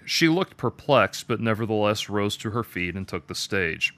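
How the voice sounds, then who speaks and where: A man reading his own dark story aloud with a measured, detached delivery. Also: lowish voice, lively intonation, dry recording. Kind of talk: dramatic story narration.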